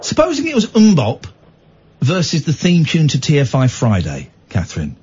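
A man's voice: a little high, huge pitch swings, darkish tone, husky. A man hosting a late-night radio phone-in, joking and teasing callers. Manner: jokey, teasing, quick to interrupt. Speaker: radio host. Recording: dull lo-fi radio broadcast.

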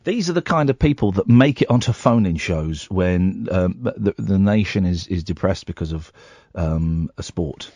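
A man's voice: low voice, animated, normal speed, darkish tone, no room sound. A man hosting a late-night radio phone-in, teasing his callers with sardonic, dry remarks.

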